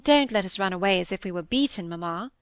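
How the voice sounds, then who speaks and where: A woman reading the part of a witty, playful young Victorian woman, light and teasing, a little higher in pitch. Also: lively intonation, fast talker, clear, resonant tone, no echo, clean studio sound, natural voice. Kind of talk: audiobook character reading.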